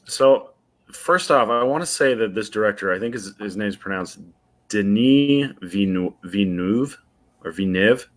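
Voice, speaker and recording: A man co-hosting a movie podcast in casual chat, with dry deadpan jokes and halting, thoughtful explanations. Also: fairly low pitch. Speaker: podcast co-host.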